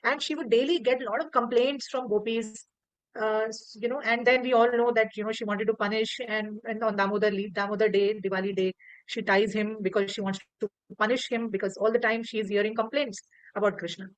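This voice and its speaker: Indian woman storyteller, animated, repeats herself, fairly high voice, dry call audio. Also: fairly quick, no echo, poor audio. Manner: animated, repeats words while telling. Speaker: devotional storyteller. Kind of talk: online class storytelling. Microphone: video call.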